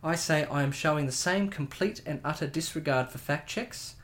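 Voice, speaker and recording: On a podcast he co-hosts, a man with a somewhat high, rather bright voice tells funny stories in a theatrical, mock-dramatic style. The talk is casual chat at a moderate pace.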